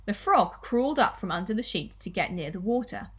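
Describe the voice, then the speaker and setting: Lively woman teacher reading a story. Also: mid-range voice, fairly quick, slightly rough. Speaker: primary school teacher. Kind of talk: reading a children's story aloud.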